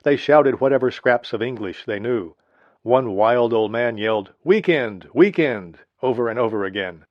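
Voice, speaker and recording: A man narrating a history audiobook in a steady, measured reading. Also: mid-range voice, no echo. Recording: dry, slightly dull lo-fi recording.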